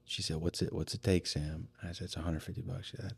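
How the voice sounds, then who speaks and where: A man's voice: low-pitched, flat delivery, fast talker, vocal fry, slightly rough. A man talking as a podcast guest, candidly telling a personal story in a casual conversation, swearing freely and with many fillers and restarts.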